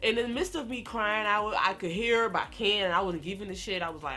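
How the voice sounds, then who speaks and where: A young woman vlogger telling a personal story in a slangy, animated way, speaking straight to her viewers. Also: mid-range voice, quick pace, soft background music. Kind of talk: storytime vlog.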